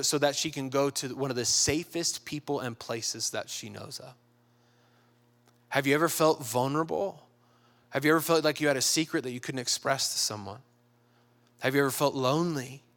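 A man giving a sermon who talks casually and acts out quoted people with lively shifts in voice. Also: mid-range voice. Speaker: pastor.

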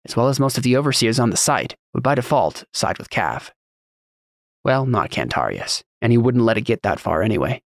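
A man's voice: mid-range voice, dry recording, studio quality. Man narrating a fantasy audiobook.

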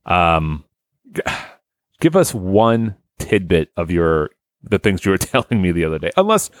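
A man's voice: low-pitched, big pitch swings, unhurried, dry recording, studio quality. A man hosting a podcast in casual chat, laughing often and swearing casually. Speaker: podcast host.

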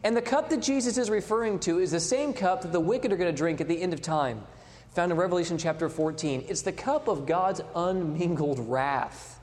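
A man preaching a sermon, dramatic, dropping to hushed tones and rising again. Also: high-pitched, fairly quick. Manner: dramatic, swings between loud and hushed. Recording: long hall reverb.

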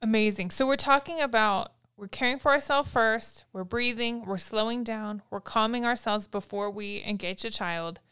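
Middle-aged woman host, resonant and clean-toned, earnest and reflective, stops to dig deeper into a point. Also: pushed and bright, smooth. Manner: earnest, reflective, interjects to pause and probe. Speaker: podcast host. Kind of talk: casual parenting chat.

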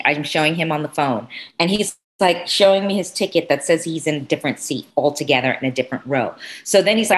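A woman chats casually and tells an animated story, voicing the people in it as she goes. Her voice sits on the low side. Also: fast. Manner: animated, swearing, acts out dialogue.

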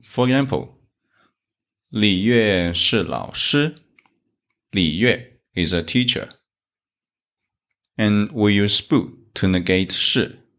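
A man from China with a Chinese accent, teaching a Chinese lesson in English and reading the examples slowly. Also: fairly low pitch, animated, fairly bright tone. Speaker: Chinese teacher, podcast host. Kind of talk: slow, methodical language lesson.

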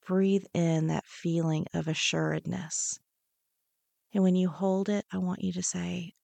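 A woman leading a guided breathing meditation on a podcast, giving slow, soothing, repeated instructions. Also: lowish voice, little pitch movement, creaky, warm tone, no room sound. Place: podcast studio.

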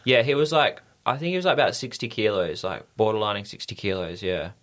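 Easygoing Australian man, lowish voice. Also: fast talker, a bit bright. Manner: easygoing, rambling with many fillers. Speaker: podcast guest, stunt rider. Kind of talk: casual storytelling.

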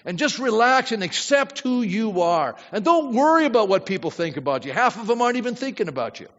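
A man's voice: high voice, sing-song, brisk, a bit bright, in a large hall, highs cut off. A man pastor preaching a sermon in a conversational way, often asking the congregation questions.

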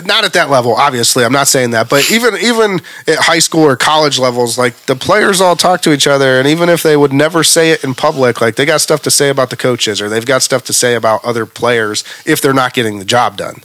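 A man's voice: medium pitch, brisk, hardly any pauses, fairly bright tone, no room sound. A man hosting a casual sports podcast, ranting heatedly and swearing about his team. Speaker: podcast host.

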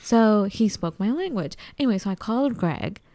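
A woman in her thirties talks casually and tells a story with energy, slipping into the voices of the people in it. Her voice is mid-pitched and the sound is dry and close. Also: moderate pace, no echo. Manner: animated storytelling, acts out quotes. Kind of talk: casual chat.

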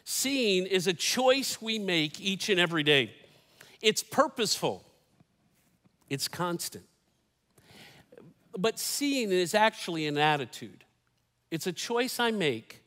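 A man's voice: high-pitched, very animated, slow pace, long pauses, bright, forceful tone, big-room sound. A man in his fifties, a pastor giving a sermon in a church, telling stories with folksy, humorous asides. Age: 50s. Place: church sanctuary.

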